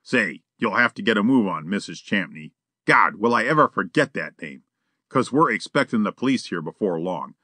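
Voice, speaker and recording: A man's voice: fairly low pitch, moderate pace, no echo. A man narrating an audiobook, doing a blunt, rambling crook in casual street talk. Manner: expressive, character-driven reading. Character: blunt small-time crook, gruff and rambling. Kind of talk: scripted narration.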